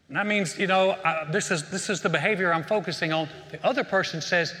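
A man's voice: high-pitched, brisk, few pauses, sharp tone. A male pastor preaching a sermon in a conversational way, telling a joke and often restarting his words. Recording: preached in a hall with long reverb.

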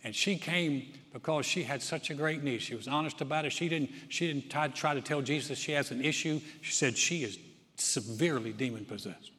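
A man preaching a sermon as pastor, swinging from loud emphatic surges down to quiet, soft-spoken stretches. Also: mid-range voice, a little fast. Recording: long hall reverb.

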